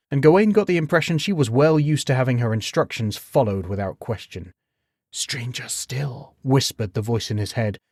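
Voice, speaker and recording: A man narrating a bedtime story in an expressive, measured storytelling manner with wry humor. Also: medium pitch, no room sound, clean studio sound.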